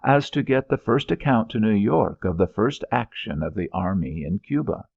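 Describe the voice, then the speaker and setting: A man's voice: lowish voice, animated, moderate pace, vocal fry, a little mellow, breathy edge, dry recording, lo-fi sound, exaggerated voice. A man voicing bickering male war correspondents.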